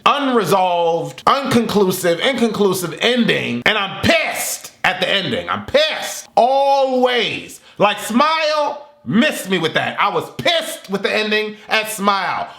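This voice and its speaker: A man talking excitedly as host of a casual movie review vlog, acting out his own reactions and yelling along with the scenes. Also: high-pitched. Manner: animated and excitable, acts out his reactions and yells at the screen. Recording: echoey room.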